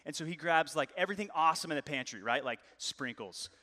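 Bright-voiced man preaching a lively sermon. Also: on the high side, quick pace, hardly any pauses. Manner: lively, joking and conversational. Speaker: pastor. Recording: long hall reverb.

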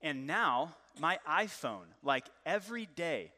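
A man in his thirties preaching a sermon in a casual, conversational way that turns animated and loud. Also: fairly high pitch, takes it slowly. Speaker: pastor. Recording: long reverb of a large hall.

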